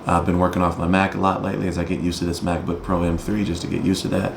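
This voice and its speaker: Low, gravelly-voiced man as a relaxed home-studio tech reviewer, casual and explanatory, full of ums. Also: fast, background noise. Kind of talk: casual product demo. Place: home studio with computer fans nearby. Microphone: dynamic USB/XLR desk mic, switching to camera shotgun mic.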